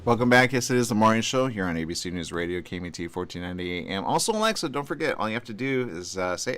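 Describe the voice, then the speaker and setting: A man's voice: on the low side, lively intonation, quick pace, hardly any pauses, a bit bright. A man hosting a radio morning show, chatting casually, laughing often and reading listener posts aloud.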